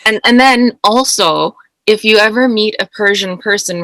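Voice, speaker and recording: A woman's voice: mid-range voice, moderate pace, few pauses, fairly bright tone, no room sound. A woman guest, a motivational speaker and coach, talking animatedly and laughing easily in a casual podcast interview.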